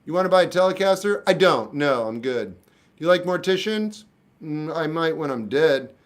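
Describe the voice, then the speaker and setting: A man's voice: on the high side, expressive, moderate pace. A man casually answering chat comments on a livestream with dry, jokey, offhand replies.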